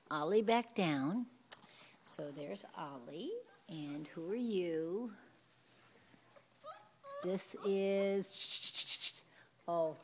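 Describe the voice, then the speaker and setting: A woman's voice: lowish voice, darkish tone, slight background noise. A woman filming her puppies at home, chatting and cooing to them in baby talk. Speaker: puppy owner filming her litter. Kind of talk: casual home video narration. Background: puppies playing and yelping.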